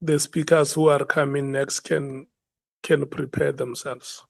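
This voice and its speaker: Gravelly man chairing. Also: mid-range voice, flat delivery, a little slow, a little mellow, no room sound. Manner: hesitant, repeats words as he restarts. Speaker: committee chair. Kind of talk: chairing a parliamentary hearing.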